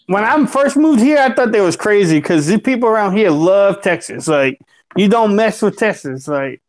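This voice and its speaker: Man, New Orleans accent, high voice, laid-back joker on a tech panel. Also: animated, normal speed. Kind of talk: casual tech chat.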